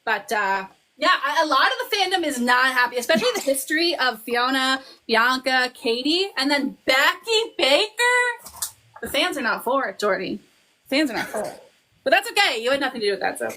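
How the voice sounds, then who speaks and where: Bright high-voiced young woman streamer. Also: a little hiss or hum. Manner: excited fan gushing, quick run-on retelling. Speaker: livestream host. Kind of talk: casual chat.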